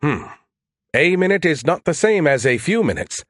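A smug male AI in an audiobook, cocky and teasing, set higher than a plain male voice, as a narrator puts him on. The sound is close and dry, with no room around it. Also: very animated, normal speed, fairly bright tone, dry recording. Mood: flippant. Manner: teasing, flippant, self-important. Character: snarky, smug male artificial intelligence. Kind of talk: audiobook character voice.

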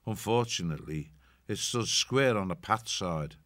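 A man narrating an audiobook in a measured, steady storytelling manner. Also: deep voice, no echo, studio quality. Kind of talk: audiobook reading.

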